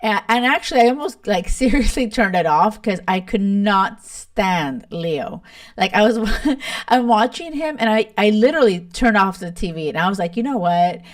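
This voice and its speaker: A woman's voice: mid-range voice, lively intonation, normal speed. A young woman hosting a podcast, chatting casually and laughing often, with many fillers like "like" and "you know". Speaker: podcast host. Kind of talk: casual chat recapping a reality show.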